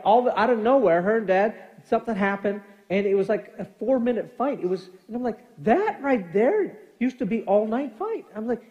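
A middle-aged man preaching a sermon as pastor, telling animated family stories and acting out quoted lines. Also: high-pitched, lo-fi sound. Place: church sanctuary. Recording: long church hall reverb.

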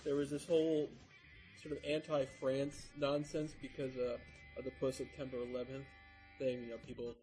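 A man co-hosting a podcast, recounting in a relaxed, rambling casual chat. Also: medium pitch, moderate pace, faint music behind, poor audio. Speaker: podcast co-host.

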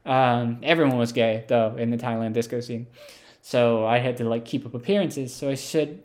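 A man telling an absurd comic story in a rambling, deadpan way, full of asides and fillers. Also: mid-range voice, normal speed. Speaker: comedic storyteller. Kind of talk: improvised comic monologue.

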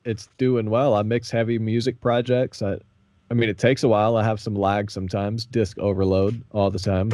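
Laid-back profane Southern man, low voice. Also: flat delivery, moderate pace, darkish tone, no room sound. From American South. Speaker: podcast co-host. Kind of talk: casual chat.

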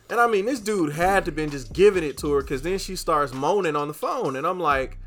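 A young man with a bright, forceful voice tells a story on a podcast in a loose, casual way. He gets louder and higher as the story heats up, and faint music sits behind him. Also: a little fast, few pauses. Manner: animated, gets loud and high when excited. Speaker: podcast host.

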